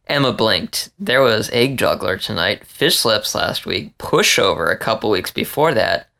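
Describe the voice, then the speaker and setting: A man reading a story aloud in a plain, steady narration. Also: fairly low pitch, a little slow, creaky, hardly any pauses. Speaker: story reader.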